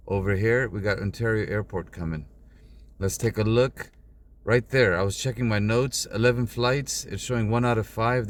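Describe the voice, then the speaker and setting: A talkative man vlogging from the driver's seat of his car, his voice sitting at an ordinary middle pitch. He rambles from one thing to the next and keeps turning to his viewers to address them directly. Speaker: rideshare driver and channel host. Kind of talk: casual vlog talk to camera.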